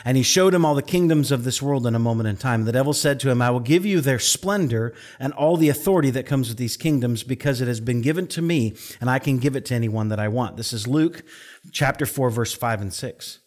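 A middle-aged man preaches a conversational sermon at a mid-range pitch. He tells stories with chatty asides, jumps his voice up when quoting an outburst, then drops soft and low to press a serious point. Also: fairly quick. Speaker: pastor.

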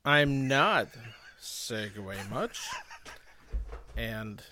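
A man's voice: medium pitch, lively intonation, very slow, sharp tone, slight background noise. A man, co-hosting a podcast in a casual, rambling way, often restarting his sentences. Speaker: podcast co-host. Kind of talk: casual chat.

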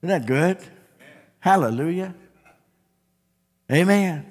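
A man's voice: high voice, lively intonation, slow, big-room sound. A young man preaching a sermon in an auditorium, telling a story animatedly and acting out the voices of people in it. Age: young adult. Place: large auditorium.

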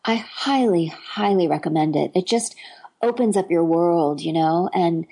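Heard on a low-quality recording, this middle-aged woman, an actress and dialect coach, has a lowish, warm voice with a breathy edge and a slightly slow pace. She chats eagerly in a casual interview, enthusiastic and rambling, stumbling through many fillers and restarts.

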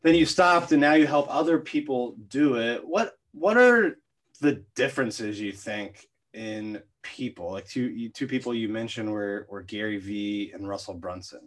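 A man hosting a podcast, asking questions in a halting way and repeating words while he thinks aloud. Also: lowish voice, steady tone. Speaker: podcast host. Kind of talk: casual interview questions.

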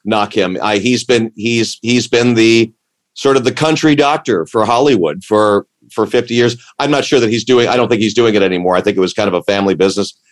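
A man with a lowish voice chatting casually. He rambles and restarts his sentences, warmly enthusiastic as he goes. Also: brisk. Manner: rambling, self-interrupting, enthusiastic. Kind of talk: casual chat.

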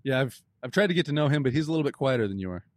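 A man's voice: medium pitch, expressive, rapid-fire, dry recording. A man hosting a podcast, chatting in a friendly, curious way and adding little asides. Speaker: podcast host. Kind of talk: casual interview chat.

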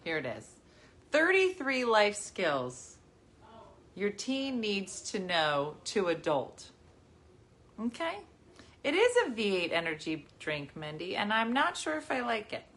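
Chatty, lively woman host. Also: medium pitch, slow. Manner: chatty, animated, jumps between topics and laughs often. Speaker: livestream host. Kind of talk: casual chat with viewers. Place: home living room.

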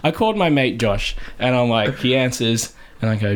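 A man's voice: medium pitch, normal speed, hardly any pauses, a little hiss or hum. Young aussie guy on a podcast, voice jumps all over the place, keeps laughing and repeating himself. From Australia. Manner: animated, laughing through a crude story, repeats words. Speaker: podcast co-host. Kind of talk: casual storytelling chat.

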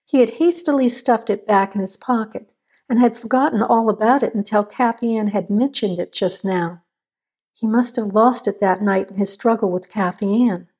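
Woman reading a thriller, mellow warm voice, steady pace. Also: mid-range voice, moderate pace. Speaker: narrator. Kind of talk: scripted narration.

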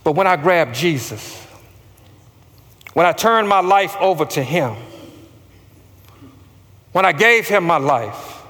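A man's voice: on the high side, lively intonation, slow, pauses often, sharp tone, in a large hall. A man preaching a sermon as pastor, calling out questions for the congregation to answer back. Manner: preaching with call-and-response to the congregation.

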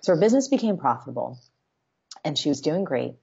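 A woman hosting a show and telling stories in an animated, chatty way, acting out quotes as she goes. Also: deep voice, quick pace, gravelly, husky. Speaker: show host and business coach. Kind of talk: conversational storytelling. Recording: slightly muffled lo-fi audio.

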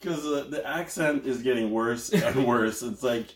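A man's voice: mid-range voice, a little slow. A man co-hosting a podcast in casual chat, teasing his friend with dry banter. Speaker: podcast co-host. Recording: echoey room.

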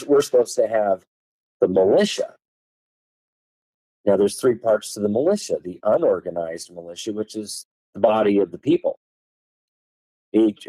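A man's voice: fairly low pitch, warm tone, dry recording, rough recording. A man explaining law as a podcast guest, reading passages aloud and hammering key words with strong emphasis.

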